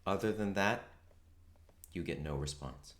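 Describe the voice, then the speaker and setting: Low-voiced man running a tabletop game. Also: measured pace, a bit bright, reverberant. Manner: laid-back, swears casually. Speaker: game master.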